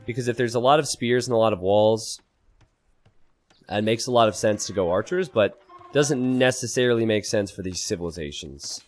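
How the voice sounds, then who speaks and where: A man casting a strategy video game match, an animated commentator who breaks into loud, high-pitched disbelief and laughter. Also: normal speed. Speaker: game caster. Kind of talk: esports commentary.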